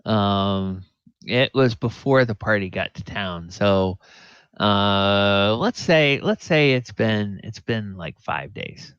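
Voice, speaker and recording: Slow, low-voiced male game master. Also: animated, fairly bright tone, clear, resonant tone, no room sound. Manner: easygoing, hesitant, with fillers. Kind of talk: running a tabletop game. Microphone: online voice call. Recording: dull lo-fi voice-call audio.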